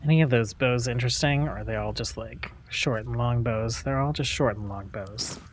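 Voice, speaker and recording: Relaxed man narrating a game. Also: medium pitch, normal speed, a little hiss or hum. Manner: relaxed, musing, with many fillers. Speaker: gameplay host. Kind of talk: casual let's-play commentary.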